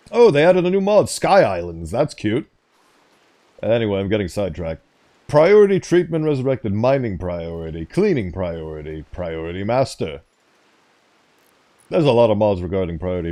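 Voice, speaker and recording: Mellow-voiced man rambling over gameplay. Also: lowish voice, big pitch swings, moderate pace, long pauses. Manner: rambling, easily sidetracked, reads on-screen text aloud. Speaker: gaming streamer. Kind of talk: casual gameplay commentary.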